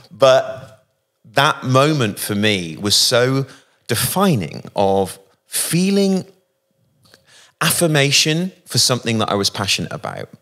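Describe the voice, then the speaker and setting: A man from England speaks as an interview guest, recalling stories in a thoughtful, unhurried way. His voice sits fairly low, and he pauses often to find his words. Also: fairly bright tone. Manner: thoughtful, anecdotal, frequent pauses and fillers. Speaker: guest musician. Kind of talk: casual interview, reflective storytelling.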